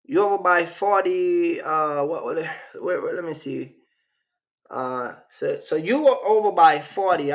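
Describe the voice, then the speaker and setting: A man's voice: medium pitch, creaky. A man from Jamaica with a Jamaican accent, hosting a casual livestream in a rambling, slangy way and reacting to his live chat. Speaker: channel host.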